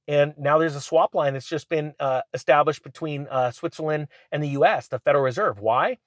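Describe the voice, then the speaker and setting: A man, a finance YouTuber, telling a rambling, animated story in a casual vlog from inside his truck. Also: on the high side, fairly quick, few pauses, dry recording, studio quality.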